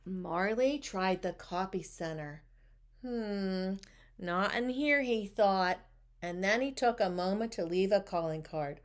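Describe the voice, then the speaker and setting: A woman reading a picture book aloud, expressive and talking to the listeners with questions. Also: medium pitch, measured pace. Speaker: storybook reader.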